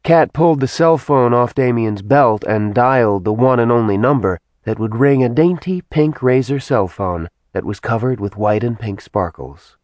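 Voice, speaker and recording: A man reading an audiobook in measured, even storytelling narration. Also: medium pitch, dry recording. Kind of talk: scripted narration.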